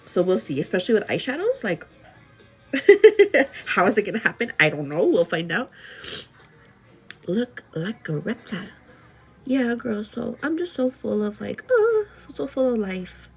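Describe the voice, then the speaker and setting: With soft music in the background, a woman who does beauty and lifestyle vlogs talks to viewers in a live get-ready show, her mid-range voice husky and sing-song at a normal pace. She laughs frequently, relies on "like," calls the viewer "girl," and gets earnest about faith and gratitude.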